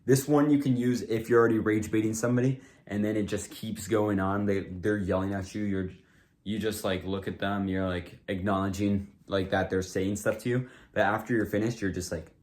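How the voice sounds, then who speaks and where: A man's voice: fairly low pitch, fairly even intonation, moderate pace, darkish tone. A man giving casual advice to a camera in a rambling, filler-heavy way, full of "like" and restarts. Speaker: comedy video creator.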